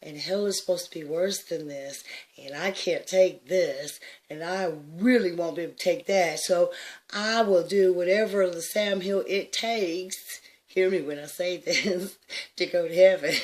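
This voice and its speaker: A woman, likely in her sixties, telling a personal story with emphatic swings from hushed to loud, laughing often. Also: mid-range voice, normal speed.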